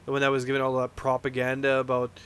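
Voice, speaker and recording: A man's voice: mid-range voice, monotone, fast talker, a bit bright, clean tone. A man co-hosting a casual wrestling podcast, joking around and laughing often. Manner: jokey, laughs often, slips into silly voices. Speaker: podcast co-host.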